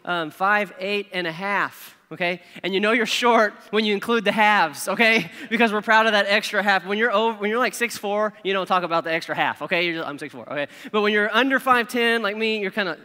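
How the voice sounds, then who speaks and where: A middle-aged man, preaching a sermon with animated, self-deprecating storytelling and acted-out inner voices. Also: high voice, fairly quick, hardly any pauses, clean tone. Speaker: pastor. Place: large church hall. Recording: reverberant hall.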